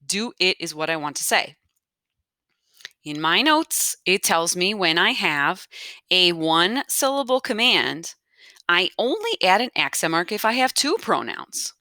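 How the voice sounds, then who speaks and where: A woman's voice: fairly low pitch, sing-song, measured pace, sharp tone, dry recording, clean studio sound. A woman teaching a grammar lesson step by step, patiently explaining aloud as she marks up her notes. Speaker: Spanish teacher.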